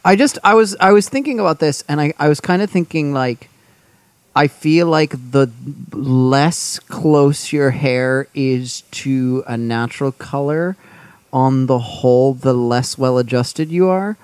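A man's voice: mid-range voice, clean tone, no room sound. A man in casual podcast chat, rambling and restarting as he works his thoughts out. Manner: rambling, halting, with many restarts.

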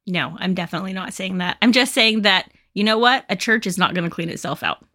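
A woman's voice: medium pitch, quick pace, sharp tone. A woman hosting a casual podcast, chatty and playful, often laughing. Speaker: podcast host.

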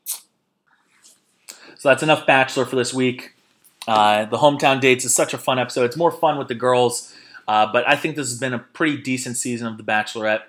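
A man's voice: mid-range voice, moderate pace, a bit bright. A man hosting a podcast, chatting casually and animatedly retelling scenes with quoted voices. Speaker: podcast host. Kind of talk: casual chat recapping a reality show.

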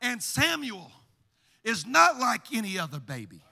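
A male pastor with a high, bright, ringing voice preaches with hammering repetition, swelling into shouted, sing-song runs. His voice carries a long reverb through a church sanctuary. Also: wildly swooping pitch, unhurried, gravelly. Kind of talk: sermon.

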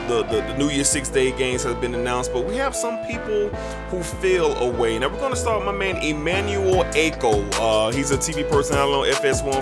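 A man hosting a sports podcast, ranting emphatically and repeating names for effect, with features. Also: medium pitch. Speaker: podcast host. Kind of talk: animated sports talk rant.

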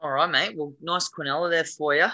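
A man's voice: fairly high pitch, steady tone, a little fast, sharp tone, dry recording, muffled recording. A man with an Australian accent who co-hosts and gives blunt, opinionated racing tips in casual chat. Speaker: co-host giving racing tips.

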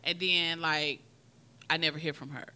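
A woman hosting a casual chat and telling a story in an animated, profane way. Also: deep voice, normal speed, smooth. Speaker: podcast host.

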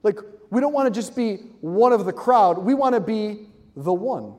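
A man giving an animated, joking talk to a live audience, acting out quick voices. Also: sits high, in a large hall. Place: large hall with audience.

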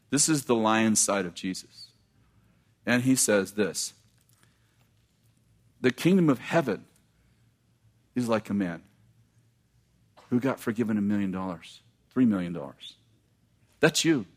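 A man preaching a sermon, reading scripture aloud and breaking off into quick, animated asides to the congregation. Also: lowish voice.

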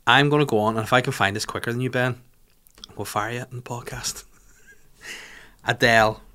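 A man's voice: mid-range voice, steady tone, normal speed, sharp tone. A young man hosting a comedy podcast, chatting in a rambling, sweary, mocking way. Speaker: podcast host. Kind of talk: casual comedic podcast chat.

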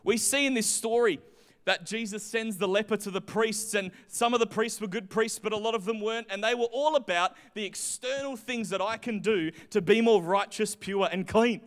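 A man in his twenties preaching a sermon, animated, swinging between quiet stretches and loud emphasis. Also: sits high, normal speed. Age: 20s.

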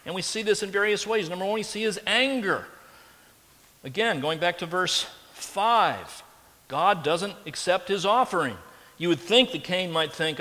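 A man's voice: sits high, expressive, unhurried, sharp tone. A man preaching a sermon, emphatic and pressing his listeners with rhetorical questions. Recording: long hall reverb.

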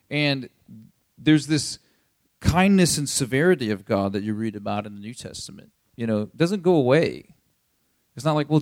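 A man's voice: on the high side, no room sound, clean studio sound. A man preaching a sermon in a loose, conversational way, often checking in with the listeners. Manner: conversational, keeps asking "you see what I'm saying?". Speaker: pastor.

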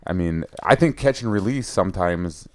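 A man's voice: low-pitched, moderate pace, no room sound. A man co-hosting a fishing podcast in casual chat, telling stories and acting out the people he quotes. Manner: animated storyteller, acts out quoted anglers. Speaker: podcast co-host.

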